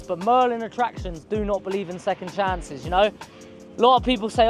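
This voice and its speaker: A high-voiced young man tells his story in a loose, chatty, slangy way. He talks outdoors on a busy city street, with faint music under his voice. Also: brisk. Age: 20s. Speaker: vlogger. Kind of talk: casual storytelling to camera.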